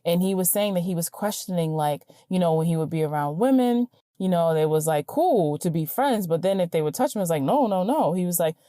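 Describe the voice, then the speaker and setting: Female podcast host, lowish mellow voice, chatty storytelling, dry close sound. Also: brisk, no echo. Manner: animated, chatty, acts out dialogue. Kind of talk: casual storytelling.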